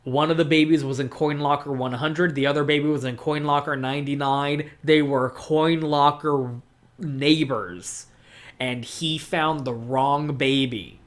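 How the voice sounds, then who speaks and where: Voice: mid-range voice, steady tone, measured pace. A gaming video host rambling through a casual, unscripted monologue about a game, swearing freely and restarting sentences, with "like" throughout.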